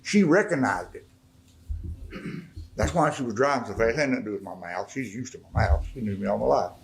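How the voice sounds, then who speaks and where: A man's voice: on the low side, animated, a little fast, creaky, slight background noise, rough recording. A middle-aged man, from Arkansas, telling his life story as a guest speaker in a church service. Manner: folksy storytelling, swelling to impassioned preaching. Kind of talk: testimony sermon.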